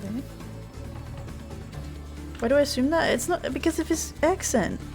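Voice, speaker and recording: A woman's voice: sits high, normal speed. A woman streaming a video game, chatting casually with viewers in a giggly, easily startled way. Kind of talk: casual gameplay chat. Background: faint game music.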